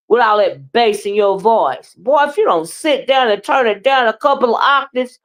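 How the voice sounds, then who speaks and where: A woman doing livestream commentary, blunt, profane and animated as she trash-talks and chats with viewers. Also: a little high. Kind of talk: live commentary and chat with viewers.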